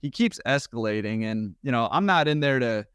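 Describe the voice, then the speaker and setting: A man telling a story on a podcast with quick, animated energy and a mid-range voice. The sound is dry and close. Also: mid-range voice, clean tone, no room sound. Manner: animated, quick, laughing at his own story. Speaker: podcast guest. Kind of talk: casual storytelling.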